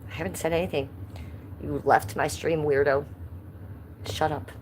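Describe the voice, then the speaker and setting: A woman from Cleveland, US, livestreams casually at home on a handheld phone, stepping outside into the cold. Her low voice is steady at normal speed with a little hiss or hum, and she reads chat aloud in a blunt, sweary, jokey manner.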